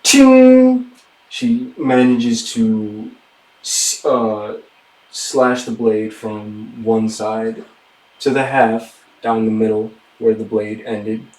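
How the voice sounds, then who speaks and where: A man narrates a tabletop game as game master, taking his time in a hushed, deliberate way. His voice is dark and relaxed. The sound is roomy and a little distant. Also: lowish voice.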